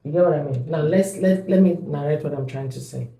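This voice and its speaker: A woman's voice: sits low, a little fast. A woman from Nigeria, a mother, telling stories emphatically in a casual panel chat. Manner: animated storytelling, emphatic. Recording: echoey room.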